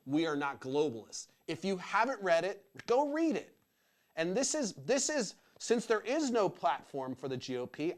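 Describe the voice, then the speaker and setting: A man hosting his own show, ranting about politics in an angry, profane, emphatic way. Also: on the high side. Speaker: podcast host.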